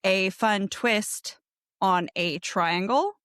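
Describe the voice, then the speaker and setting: A woman's voice: mid-range voice, extremely slow, fairly bright tone, clean tone, no echo, clean studio sound. A woman co-hosting a book podcast in casual chat, easygoing and laughing often. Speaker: podcast co-host.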